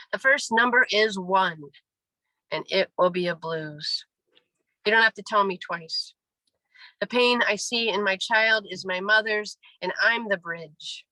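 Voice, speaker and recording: A woman in her forties giving a wry, deadpan poetry reading. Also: medium pitch, measured pace, no room sound, low-quality recording. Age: 40s. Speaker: poet. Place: reading venue.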